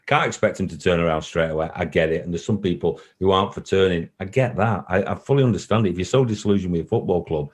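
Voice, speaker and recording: Talking quickly and barely pausing, a deep-voiced football club chief executive responds to interview questions on a recorded call. He is sincere, tends to repeat himself, and at times gets emotional.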